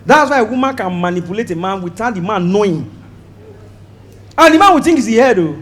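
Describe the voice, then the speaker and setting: A man with a Nigerian accent doing a stand-up comedy set, loud and animated, acting out voices and shouting his punchlines. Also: high voice, fairly quick. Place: stage before a live audience.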